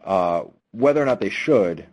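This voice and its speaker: Low, mellow-voiced man teaching speaking skills. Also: lively intonation, moderate pace, poor audio. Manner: conversational, explanatory, frequent ums and restarts. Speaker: speech presenter and linguistics researcher. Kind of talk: webinar talk on public speaking.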